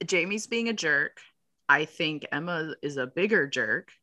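A woman with a low but bright, forceful voice chats on a podcast and makes wry asides. Her pitch moves a lot, and the sound is close and dry. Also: lively intonation, unhurried, no room sound. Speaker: podcast co-host. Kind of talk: casual chat.

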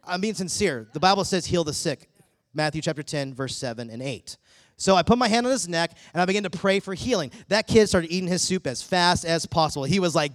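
Animated high-voiced male preacher. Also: quick pace, dry recording, studio quality. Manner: animated storytelling with acted-out dialogue. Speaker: pastor. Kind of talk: sermon.

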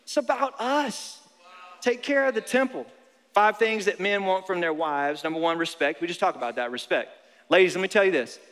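A young male pastor preaching with a high, bright voice that rings out in a large church hall. He is animated and jokes a lot, and he doubles up his phrases for emphasis. The long reverb of the auditorium trails after each line. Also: brisk, clear, resonant tone. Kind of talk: sermon.

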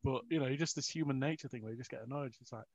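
A middle-aged man chats loosely, cheerfully poking fun at himself, chuckling between stories and tripping over his own restarts. His voice sits at an ordinary pitch and comes through a dull, lo-fi recording in a dry, close space. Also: rapid-fire, a little mellow, no echo. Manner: self-mocking, chuckling, rambling with restarts. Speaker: interview guest. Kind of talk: casual chat.

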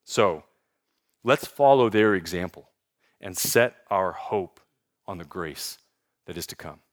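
A man preaching a sermon in a church, dropping to hushed emphasis and building to loud, announcer-style peaks. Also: low-pitched, animated, slow. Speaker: pastor. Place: church in Sacramento.

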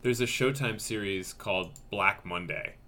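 A man's voice: lowish voice, moderate pace, pushed and bright. A man chatting casually on a podcast, laid-back and tossing out dry wisecracks. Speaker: podcast co-host.

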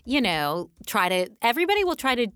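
Bright-voiced woman podcast guest. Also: on the high side, sing-song, brisk, clear, resonant tone, no room sound. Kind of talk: casual chat.

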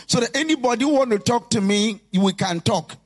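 A man preaching a sermon as pastor, impassioned and often shouting in a sing-song preaching cadence. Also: very high-pitched, fairly quick. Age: adult.

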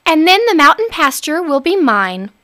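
A woman's voice: on the high side, sing-song, unhurried, pushed and bright, heavily acted. A woman voicing a bold, sly young female troll who chants her lines in a sing-song way. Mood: scheming.

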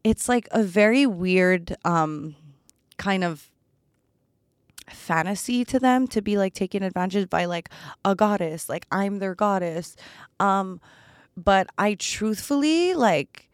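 Unboxing gifts on her solo podcast, this young host gushes, sounds a bit bratty, and fills her casual chatter with "like." She has a mid-range voice with lively intonation and takes her time speaking. The audio is studio quality with no room sound.

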